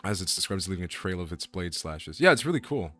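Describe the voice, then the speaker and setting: A man's voice: low-pitched, sing-song, fast, fairly bright tone, soft background music. A man streaming as a voice actor, chatting casually, joking and rambling and swearing freely. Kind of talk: casual livestream chat.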